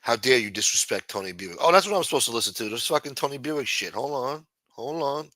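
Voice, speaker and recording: A man's voice: medium pitch, animated, fast talker, sharp tone, dry recording, studio quality. A man hosting a livestream, talking crudely and mockingly while reacting to his chat and thanking supporters. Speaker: livestream host. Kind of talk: profane casual commentary.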